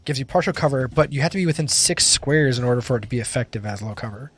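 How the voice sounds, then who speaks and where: Lively man quoting game rules. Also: mid-range voice, fast talker. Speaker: player. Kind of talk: casual tabletop play.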